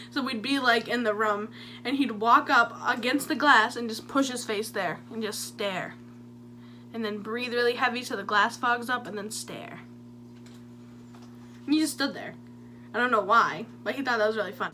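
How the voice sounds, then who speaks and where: Bright-voiced young woman telling stories. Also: a little high, slight background noise. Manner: chatty, jokey, animated storytelling. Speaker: vlogger. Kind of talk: story time vlog.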